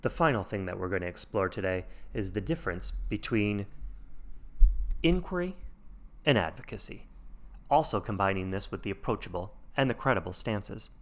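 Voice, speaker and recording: Deliberate low-voiced male podcast teacher. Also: animated. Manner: measured, deliberate delivery with demonstrative intonation. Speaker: podcast host. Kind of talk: scripted instructional podcast.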